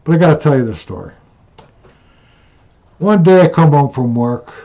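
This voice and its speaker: A man with a slightly high, mellow voice tells stories on his own rant channel, very animated and at normal speed. His vlog storytelling is blunt, repetitive and plain-spoken, captured with a dull lo-fi sound.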